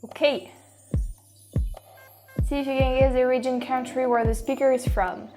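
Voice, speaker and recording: A woman's voice: high voice, moderate pace, over music. French woman thinking aloud on a vlog. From France. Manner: chatty and thinking aloud, with frequent restarts and bursts of excitement. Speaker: vlogger. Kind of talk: casual reaction vlog.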